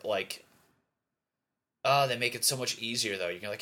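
A man's voice: lowish voice, lively intonation, a little fast, sharp tone. A young man talking alone in a casual, rambling monologue, swearing a lot and restarting his sentences often. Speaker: podcaster.

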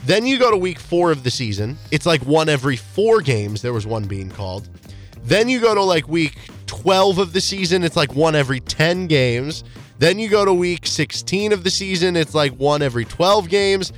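Male sports talk co-host, slightly high voice, animated delivery, faint music underneath. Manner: animated, quick bursts of stats and opinions.

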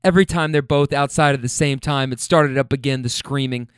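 A man's voice: medium pitch, brisk, clean tone, dry recording. Chatty man telling a story, dry close sound. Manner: chatty, profane, laid-back with self-deprecating asides. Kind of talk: casual spoken anecdote.

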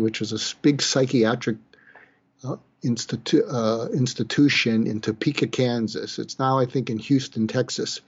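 An older man, a psychiatrist from the East Coast, tells a moving personal story in a halting way, with sighs, restarts and quiet moments. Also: medium pitch, slightly rough, lo-fi sound. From Boston, East Coast US. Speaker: psychiatrist telling his story. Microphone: webcam or video call.

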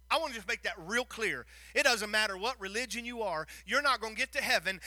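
A man preaching a sermon, retelling a Bible story with lively acted-out lines and frequent stumbles and repeated words. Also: very high-pitched, normal speed, hardly any pauses, dry recording.

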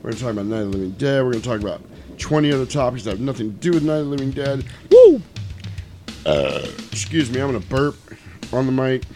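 A man's voice: mid-range voice, lively intonation, very fast, a little mellow, soft background music. A man hosting a podcast, a little tipsy, chatting loosely and cursing freely. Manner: loose, rambling, profane. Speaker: podcast host. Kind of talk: casual chat.

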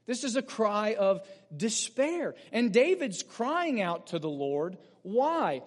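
A man with a notably high voice preaches a sermon in an earnest, explanatory manner, pushing up with emphasis on key points. His voice carries a long reverb tail from a church sanctuary. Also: big pitch swings, slow. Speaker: pastor.

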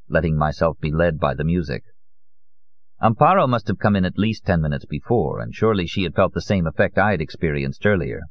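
A man reads a novel aloud in a very deep voice with lively, expressive ups and downs. The recording is close and dry, with a slightly muffled, dull tone. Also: no echo. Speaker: audiobook narrator. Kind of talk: audiobook narration.

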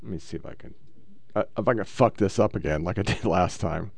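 A man's voice: low-pitched, a little fast, gravelly, a little mellow, dry recording. A middle-aged man hosting a casual, profane commentary show, bluntly lecturing about the clips he plays. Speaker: podcast host reacting to clips.

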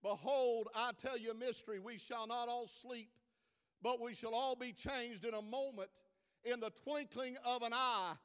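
A preacher with a very high, bright voice delivering a sermon. He builds from quiet storytelling to dramatic loud peaks, and his words ring out with a long hall reverb. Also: fairly even intonation, unhurried, clear, resonant tone. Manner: preaching with dramatic rises in volume.

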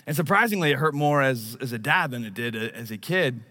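A man's voice: mid-range voice, lively intonation, brisk, sharp tone. A man in his thirties preaching a sermon, telling a personal story in a conversational, self-deprecating way. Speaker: pastor.

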